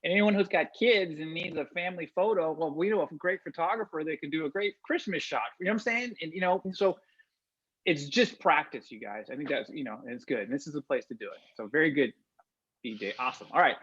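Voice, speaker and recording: A man's voice: a little high, fast, a bit bright, husky, dry recording, highs cut off. A man leading a networking meeting, upbeat and encouraging, repeating points for emphasis. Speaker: networking group facilitator. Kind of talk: coaching a group meeting.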